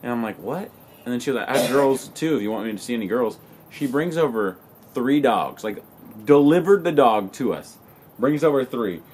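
A man's voice: medium pitch, moderate pace, background noise. Laid-back young man vlogging, slangy. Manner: relaxed, slangy, swears casually. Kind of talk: casual vlog talk to camera.

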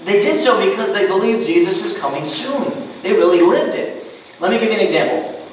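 A man's voice: sits high, expressive, fairly quick. A man preaching a conversational sermon as pastor, often asking the room questions. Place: church sanctuary. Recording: very echoey hall, voice a bit distant, faint noise.

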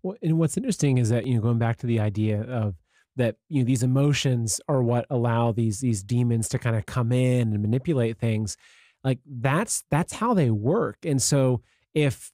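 A man with a warm, mellow voice hosts an interview, chatting loosely with lots of fillers. The close, dry sound has almost no room echo. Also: mid-range voice. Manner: conversational, with many fillers like "like" and "you know". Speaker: interview host. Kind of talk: casual interview talk.

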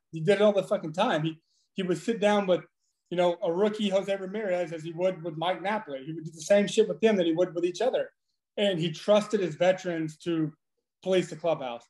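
Man, thirties, higher voice, podcast guest, cussing, laughing through stories. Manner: profane, animated anecdotes with frequent laughing. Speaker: podcast guest, former baseball pitcher. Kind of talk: casual storytelling.

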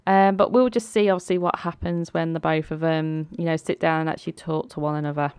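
Let's-play host, chatty and giggly, low smooth voice, close dry mic. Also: female voice, fairly even intonation, a little fast, darkish tone, no room sound. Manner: chatty, laughing, lots of ums. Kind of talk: game commentary with voiced characters.

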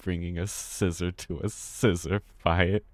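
A low-pitched American man chats his way through a live game stream. He stumbles over words, restarts them, and swears casually as he plays. His voice sounds dry and close, with no room around it. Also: little pitch movement, measured pace, no echo. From United States. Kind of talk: live gameplay commentary.

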